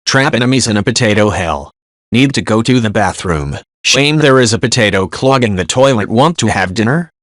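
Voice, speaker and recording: Male narrator for forum-post readings: lowish voice, quick, dry and direct. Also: animated, fairly bright tone, no room sound. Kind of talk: scripted reading of online posts.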